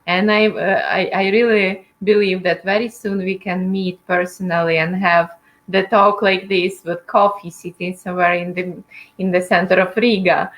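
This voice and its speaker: A woman hosting a casual interview, friendly and halting, often stopping on fillers. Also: lowish voice, little pitch movement, poor audio. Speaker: interview host. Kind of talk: casual video-call interview.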